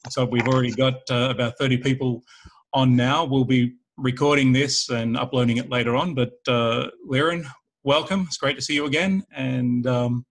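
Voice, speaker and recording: A man's voice: medium pitch, steady tone, moderate pace. A man hosting a webinar in a friendly, casual way with some fillers, on a video-call mic. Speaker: webinar host.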